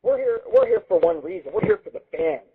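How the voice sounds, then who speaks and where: A man hosting an internet radio show, telling crude rambling stories in a profane, excitable monologue. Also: high-pitched, fairly quick. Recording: husky lo-fi phone-line sound.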